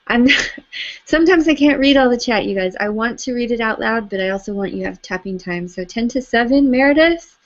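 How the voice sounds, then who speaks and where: A woman leading a live tapping session, gently coaching listeners through phrases for them to repeat. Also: on the high side, lively intonation, normal speed. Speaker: EFT tapping facilitator. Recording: slightly dull lo-fi audio.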